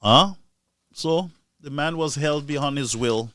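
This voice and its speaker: A man giving impassioned political commentary on a live stream, animated and mocking, swinging between loud outbursts and low asides. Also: takes it slowly, dry recording.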